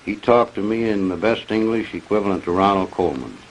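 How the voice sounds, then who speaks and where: An older man in an old archival interview, slowly and plainly recounting an encounter. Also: lowish voice, lively intonation, rough recording.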